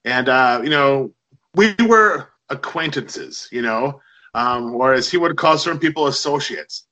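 A man's voice: mid-range voice, animated, unhurried, pushed and bright, poor audio. A middle-aged man telling rambling, anecdotal stories as a guest in casual conversation. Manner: chatty, anecdotal, many fillers. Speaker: podcast guest. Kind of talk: casual storytelling.

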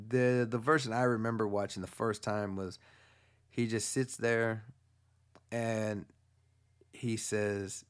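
A man's voice: lowish voice, a little slow. A man casually recapping a movie plot in a rambling, profane way, full of fillers and restarts. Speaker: movie fan recapping a film.

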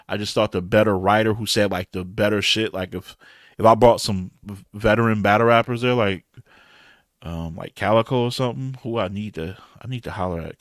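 Middle-aged Detroit man, low-pitched, dry recording; loose slangy battle rap reviewer. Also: moderate pace, no room sound. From Detroit, USA. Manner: loose, rambling, slangy, frequent fillers. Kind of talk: casual recap monologue.

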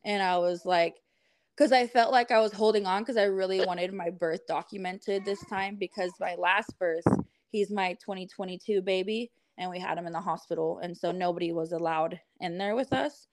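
Speaking in a lowish voice at a moderate pace, the podcast guest chats casually through a story, heavy on fillers. The recording has no audible room sound.

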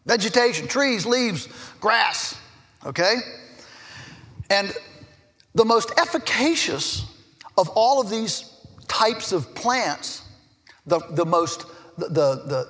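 A middle-aged farmer from Virginia giving a lively conference speech, an animated storyteller who slips in jokey asides. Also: male voice, high voice. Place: large conference hall. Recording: echoey hall with long reverb.

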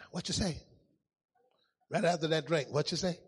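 A male pastor preaching a sermon in a church, telling stories and swinging from loud calls to hushed asides. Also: fairly high pitch, unhurried, breathy edge, long reverb tail. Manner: storytelling preacher, swings from loud to hushed, folksy Southern-style grammar.

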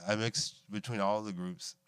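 A man's voice: lowish voice, fairly even intonation, normal speed, fairly bright tone, clear, resonant tone, no room sound. A man in his thirties, a guest casually telling stories from his life, swearing freely and laughing as he talks. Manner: laid-back, swears often, laughs through stories. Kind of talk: casual storytelling chat.

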